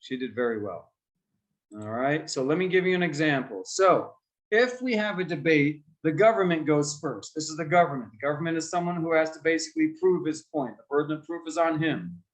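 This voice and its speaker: Man teaching kids, lively and questioning. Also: a little high, brisk, rough recording. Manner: lively, asks the class questions and acts out examples. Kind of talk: explaining debate skills to children.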